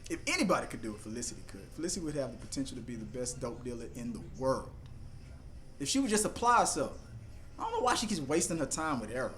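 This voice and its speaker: Excitable young man with a lively voice. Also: quick pace, soft background music. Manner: excitable, rambling, jumps into high put-on voices for jokes. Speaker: reaction video host. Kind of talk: live TV episode reaction commentary.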